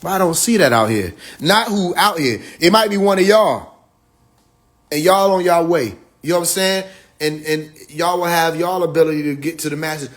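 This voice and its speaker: A high-pitched man talks into his livestream. He preaches loose and emphatic, with plenty of profane slang. He rushes through some lines and stretches others out slowly. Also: fairly bright tone. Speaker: livestream host. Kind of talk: casual livestream monologue.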